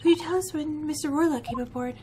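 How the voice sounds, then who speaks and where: A polite, hesitant young student, read by a woman in a bright voice close to her own. He asks his questions with careful courtesy. Background noise runs under the recording. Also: high voice, fast talker, natural voice.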